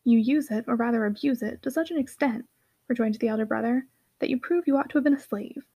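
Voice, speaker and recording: A woman's voice: fairly high pitch, quick pace, warm tone, no echo. A woman voicing an insolent elder son who speaks with open scorn. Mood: scornful.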